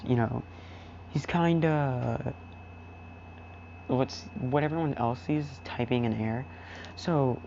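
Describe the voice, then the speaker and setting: A man's voice: mid-range voice, dark tone, muffled recording, a little hiss or hum. A man casually narrating an improvised fan story, rambling with lots of fillers.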